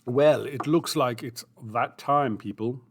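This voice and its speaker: A man's voice: mid-range voice, slight background noise. A man hosting a writing livestream, chatty and self-mocking, thinking aloud as he goes. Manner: chatty, self-mocking, thinks aloud; mutters his draft slowly and softly. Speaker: streamer hosting writing sprints. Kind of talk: casual livestream chat, then muttering while writing.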